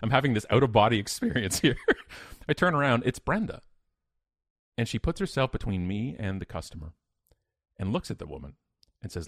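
A man, a podcast guest, telling a story in an emphatic, energetic way with sudden loud bursts. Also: mid-range voice, fairly quick, long pauses, dry recording, clean studio sound. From Canada. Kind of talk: animated storytelling in an interview.

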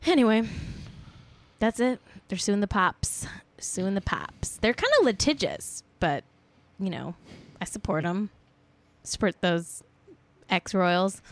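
Woman, podcast co-host, celebrity gossip, rambling with fillers, mid pitch. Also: lively intonation, takes it slowly, long pauses. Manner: chatty, rambling, lots of "like" fillers. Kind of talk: casual celebrity gossip chat.

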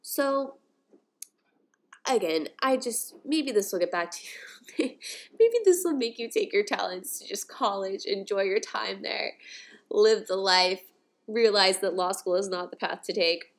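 A woman's voice: mid-range voice, measured pace. A young woman from the United States hosting a podcast, talking in a chatty, sarcastic way about news articles. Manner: chatty and sarcastic, with animated asides. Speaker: podcast host. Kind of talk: casual commentary on articles.

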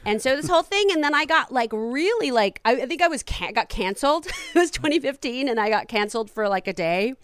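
A woman's voice: high voice, expressive, brisk, few pauses, clean tone, no echo, clean studio sound. A woman comedian being interviewed, talking in a rambling, hesitant way with laughs between thoughts. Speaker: comedian guest. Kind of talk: casual interview chat.

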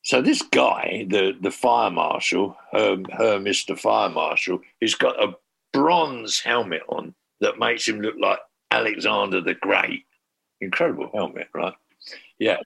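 Man, raspy gravel, sharp bright tone, swearing storyteller, lively anecdote. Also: on the low side, a little slow. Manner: profane, animated storyteller. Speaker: former band manager telling a tour story. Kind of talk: casual anecdote.

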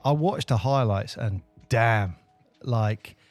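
A man's voice: lowish voice, slow pace, soft background music. A man with a British accent co-hosting a podcast in casual chat, rambling with fillers and restarts. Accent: British English. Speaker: podcast co-host.

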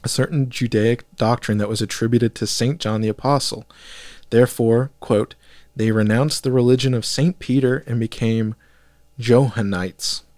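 A man hosting a podcast, reading a text aloud haltingly with fillers and skipped words. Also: mid-range voice, fairly even intonation, a little mellow, no echo. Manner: reads haltingly, with fillers and skips. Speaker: podcast host.

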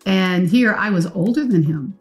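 A woman in her fifties telling a shared story in a teasing way and quickly cutting in with jokes. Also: mid-range voice, expressive, faint music behind. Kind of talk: casual storytelling chat.

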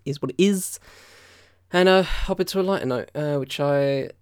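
A man's voice: a little high, normal speed, clean tone, no room sound, studio quality. A man co-hosting a podcast in a loose, rambling chat, full of fillers and swearing. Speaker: podcast co-host. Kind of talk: casual chat.

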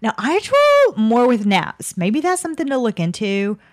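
A woman's voice: a little high, wildly swooping pitch, moderate pace, dry recording, clean studio sound. A woman co-hosting a casual chat show, chatty and laughing often as she tells stories. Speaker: podcast co-host.

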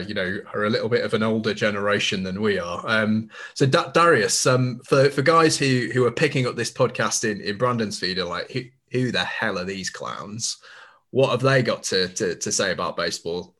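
Chatty Cumbrian man, low voice. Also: fairly bright tone. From England. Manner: chatty, laughs easily, many restarts. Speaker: podcast co-host. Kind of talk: casual podcast chat.

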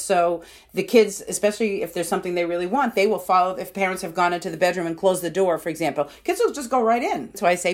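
Speaking in a lowish voice, a woman who writes about parenting gives explanatory, conversational interview answers, frequently using "you know" and voicing the words of parents and children.

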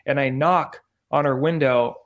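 A man, a podcast guest, casually telling an animated story and acting out the dialogue, peppered with "like" and "I go". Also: mid-range voice, unhurried. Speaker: podcast guest, former celebrity news field producer.

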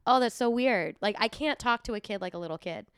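A woman's voice: medium pitch, expressive, fast, fairly bright tone, clear, resonant tone, no room sound. A woman co-hosting a podcast in casual chat, dry and sarcastic, often laughing. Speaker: podcast co-host. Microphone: studio microphone.

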